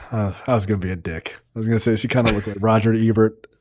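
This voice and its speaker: A man's voice: lowish voice, steady tone, fast talker, a little mellow, dry recording, clean studio sound. A man co-hosting a casual movie review podcast, rambling and profane with many fillers. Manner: laid-back, rambling, profane, frequent "like" and laughter. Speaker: podcast co-host.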